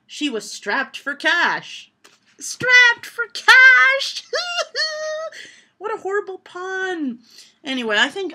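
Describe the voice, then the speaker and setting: Lively high-voiced woman reading jokes. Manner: reads jokes aloud and reacts with loud laughter. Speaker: vlogger. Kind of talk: casual joke-reading vlog.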